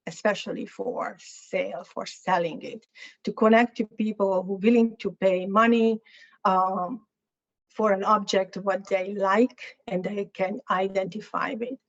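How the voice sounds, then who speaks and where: Woman, Hungarian accent, artist lecture, hesitant and searching for words, candid, a bit hoarse, mid pitch, slightly muffled recording. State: slightly hoarse, clearing throat. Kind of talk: lecture about her own artwork.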